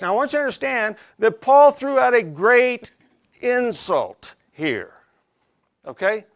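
A man's voice: extremely high pitch, big pitch swings, measured pace. A man preaching an expository sermon in a folksy, conversational way, often checking in with his listeners. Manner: folksy, conversational, frequent "okay?" check-ins.

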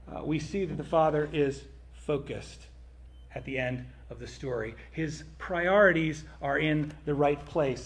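A man preaching a sermon in a conversational way, with frequent asides to his listeners. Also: on the high side.

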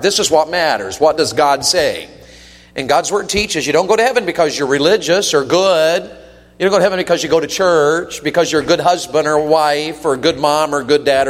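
A man preaching in a church sanctuary, his voice carrying a long reverb through the hall. He talks earnestly, putting questions to the congregation and rising to emphatic peaks. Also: fairly high pitch. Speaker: visiting preacher. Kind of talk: sermon.

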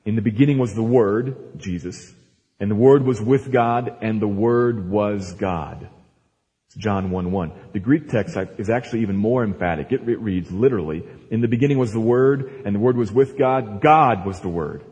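A man's voice: lowish voice, darkish tone. A man preaching a Sunday sermon as pastor, emphatic and repeating words for stress as he explains scripture verse by verse. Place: church sanctuary. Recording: long hall reverb.

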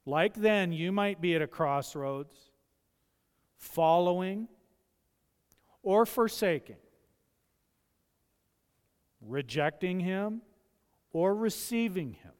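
A man's voice: high voice, expressive, takes it slowly, long pauses, clear, resonant tone. A man preaching a sermon as a pastor, impassioned, often acting out the voices he quotes. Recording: long hall reverb.

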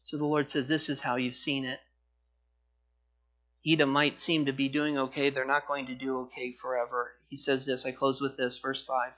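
A man preaching a sermon to his congregation as their pastor, passionate, moving between loud emphasis and quiet pleading. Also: medium pitch, monotone, brisk, hardly any pauses, lo-fi sound. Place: church sanctuary.

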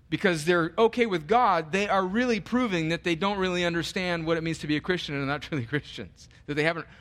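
A man preaching a sermon as pastor, earnest and animated, often restarting his sentences. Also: a little high.

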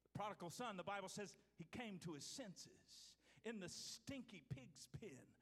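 A male pastor preaching a sermon, swinging from loud to hushed. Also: high voice, lively intonation, a little slow. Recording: hall reverb.

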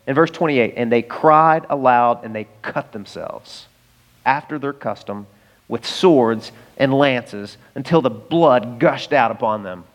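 A man preaching a sermon, retelling scripture in an animated, humorous storytelling way. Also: medium pitch, measured pace, big-room sound, dull audio. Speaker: pastor.

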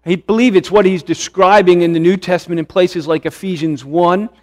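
A middle-aged man preaching a sermon, earnest, often repeating phrases for emphasis and slowing down to stress key words. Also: high voice, fairly even intonation. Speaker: pastor.

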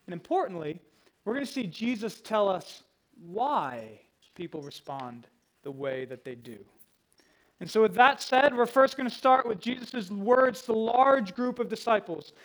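A man's voice: high voice, poor audio. A man preaching a sermon to a congregation, teaching verse by verse and laying out a plain outline. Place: room with a congregation.

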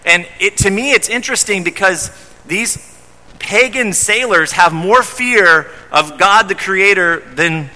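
Bright-voiced male preacher in an echoey hall. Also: high voice, measured pace. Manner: conversational, repeats and restarts words. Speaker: pastor. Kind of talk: expository sermon. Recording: long reverb in a large hall.

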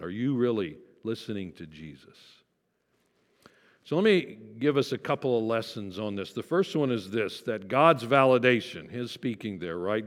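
A man's voice: on the low side, long reverb tail. A man preaching a sermon to his congregation in a church, talking casually, asking them questions and making light self-deprecating jokes. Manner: conversational, asks the congregation questions. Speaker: pastor. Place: church sanctuary.

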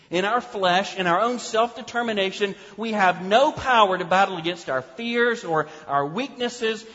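A man's voice: high voice, fairly bright tone. A man preaching a sermon, emphatic, acting out the voices he quotes with rising intensity. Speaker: pastor. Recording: dull recording with long hall reverb.

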